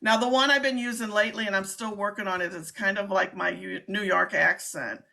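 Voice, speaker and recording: A middle-aged woman hosting a casual live-stream chat, talking in an excitable, chatty way. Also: mid-range voice, fairly quick, gravelly. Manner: chatty, excitable, laughs often. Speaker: host, scam baiter.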